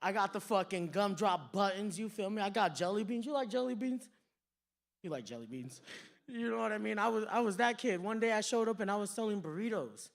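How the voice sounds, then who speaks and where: A man doing a stand-up comedy set on a club stage, telling stories in an animated, profane way. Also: sits high, a little fast, creaky, few pauses.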